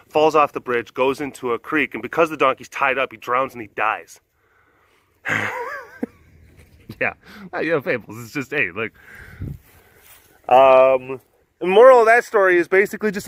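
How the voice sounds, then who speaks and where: Man, vlog host, casual storytelling, rambling with fillers, lively pitch. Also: no room sound. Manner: rambling, animated, lots of fillers. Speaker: vlog host, animal keeper.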